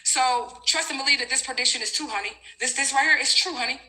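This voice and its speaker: High, bright-voiced woman, blunt and profane, heated storytime, roomy echo. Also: fast. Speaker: psychic reader. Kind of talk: heated storytime recounting texts. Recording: roomy echoey room.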